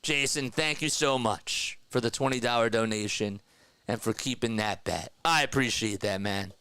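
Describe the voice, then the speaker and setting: A young man hosting a casual baseball fan livestream, excitedly talking to his chat. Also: medium pitch, normal speed, a little hiss or hum. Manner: excited, animated, talks to chat as "bro" and "man". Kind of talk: casual post-game fan talk, reading chat.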